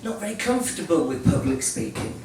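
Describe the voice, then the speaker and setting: A man's voice: a little high, sing-song, brisk. A middle-aged man from Scotland with a Scottish accent, telling jokes in a stand-up comedy set, full of ums and chuckling at his own lines. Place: small comedy venue with a live audience. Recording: roomy venue recorded from a distance, audience noise.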